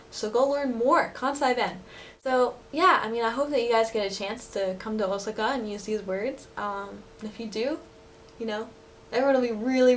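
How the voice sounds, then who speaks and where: A woman's voice: on the high side, a little hiss or hum. A young woman teaching words in a casual lesson, chatty, laughing often and using many fillers. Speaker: language teacher vlogger. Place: living in Osaka.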